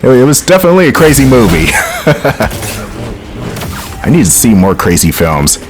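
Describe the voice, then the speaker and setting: A man's voice: medium pitch, big pitch swings, moderate pace, music in the background. A man hosting a let's play, giving casual, joking gameplay commentary full of rambling tangents.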